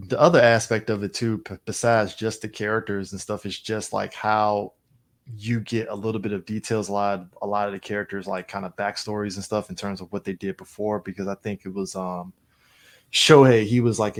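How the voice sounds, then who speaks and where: A man's voice: lowish voice, fairly even intonation, brisk. A man co-hosting a podcast, talking casually and animatedly with slang and frequent laughs. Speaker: podcast co-host. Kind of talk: casual chat.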